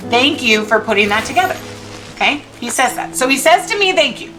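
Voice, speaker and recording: With a high-pitched voice and a slightly fast pace, a young woman streamer vents an exasperated story while playing a game, swearing now and then. The audio is poor, with faint game music in the background.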